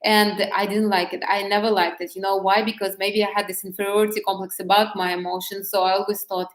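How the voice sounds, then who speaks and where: A woman's voice: mid-range voice, level tone, fairly quick, hardly any pauses. Chatty woman in an echoey room. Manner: candid and chatty, with many restarts and laughs. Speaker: vlogger giving dating advice. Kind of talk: casual talk to camera.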